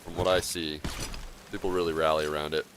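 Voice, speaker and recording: A laid-back game streamer talks through his livestream in a deep, low voice, a touch quickly. His casual commentary drifts easily from one thought to another, with frequent chuckles. There's a faint hum of noise in the background.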